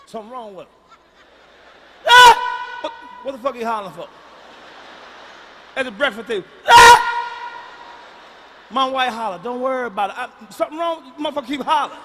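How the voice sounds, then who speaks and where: A man performing a stand-up comedy set, talking in a loud, profane way with hollering bursts. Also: very high-pitched, fast talker. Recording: live hall reverb with faint room noise.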